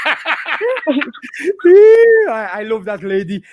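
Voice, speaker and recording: High-voiced man ranting angrily. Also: very animated, drawn-out words, highs cut off, background noise. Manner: angry, profane, stammering with many restarts. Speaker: streamer. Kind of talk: heated rant on a live stream.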